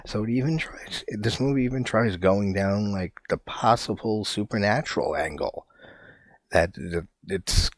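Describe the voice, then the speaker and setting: A man's voice: deep voice, no room sound. A young man hosting a podcast, reviewing a film in a loose, rambling way with lots of "like" and casual swearing. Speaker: podcast host.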